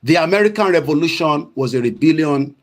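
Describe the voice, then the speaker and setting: A middle-aged Nigerian man hosts his own online show, delivering heated, combative commentary in a high-ish, animated and brisk voice. He scolds, repeats himself, and greets viewers by name.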